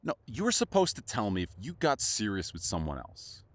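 A man's voice: lowish voice, huge pitch swings, a little fast, no room sound. A man playing a jealous young secret lover in an audio role-play, swearing and stumbling over repeated words. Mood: angry. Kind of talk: audio role-play addressed to a silent listener.

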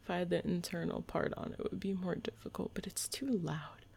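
Young woman reading tongue twisters, giggly, swears a lot, gravelly edge, breathy. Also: on the low side, fairly quick, darkish tone. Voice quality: breathy half-whisper. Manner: giggly, swears often, self-coaching. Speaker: content creator.

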